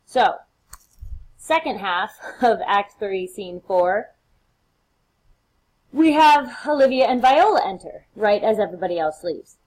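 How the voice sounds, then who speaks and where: A woman's voice: mid-range voice, animated, unhurried, pauses often, a little mellow, rough recording. A woman talks through a play in a recorded lecture. She keeps it casual and chatty and slips into playful, acted-out quotes as she retells each scene. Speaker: literature lecturer.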